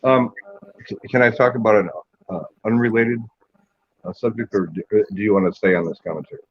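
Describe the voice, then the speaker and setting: A man calling into a livestream, speaking hesitantly with many pauses and restarts. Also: lowish voice, no room sound. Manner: hesitant, full of ums and restarts. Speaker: caller. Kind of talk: casual call-in chat. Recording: dull lo-fi call audio.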